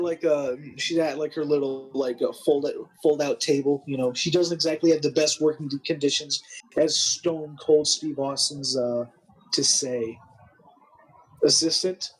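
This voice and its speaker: A young man rambles through a recap of a wrestling game, full of swearing, restarts and "like". His voice sits a little high with a husky edge. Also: unhurried, rough recording. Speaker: game commentator.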